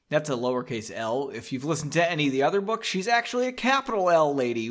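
A man's voice: fairly high pitch, expressive, fast, hardly any pauses, fairly bright tone. A man casually reading his own book aloud, mocking his writing and swearing freely.

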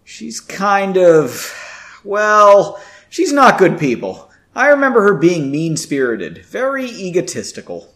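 A man voicing an excitable, gossipy young woman in a story reading, lifting his voice high and bright. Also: takes it slowly, exaggerated voice.

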